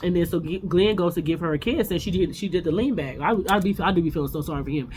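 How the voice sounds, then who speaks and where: A host recaps reality TV in a mid-range voice, talking fast with a slightly mellow quality. He's rambling and opinionated, often stopping and starting again, over a faint background hum.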